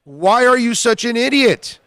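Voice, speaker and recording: A man's voice: very high voice, lively intonation, a little slow, fairly bright tone, clean tone, no echo, studio quality. A man hosting a sports talk radio show, bluntly scolding listeners with repeated rhetorical questions.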